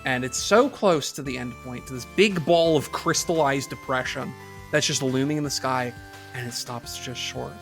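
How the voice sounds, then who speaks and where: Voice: mid-range voice, normal speed, a bit bright, soft background music. A podcast co-host in casual chat, retelling a game's story with profanity and acting out characters' lines in put-on voices.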